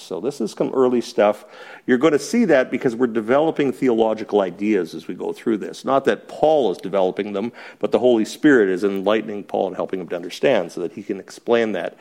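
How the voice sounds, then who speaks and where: A man's voice: medium pitch, darkish tone. A man teaching a Bible study to a small group in a church, chuckling often and asking rhetorical questions and then answering them.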